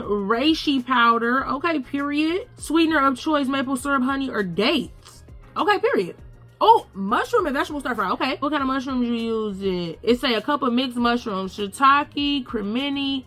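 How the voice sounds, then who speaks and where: A woman vlogger reading answers aloud in a casual, animated way, with playful asides. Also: mid-range voice.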